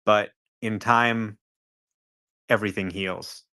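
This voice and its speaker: On the low side and slow-paced, this man joins a casual podcast as a guest analyst. He keeps things conversational but gets animated acting out a scenario.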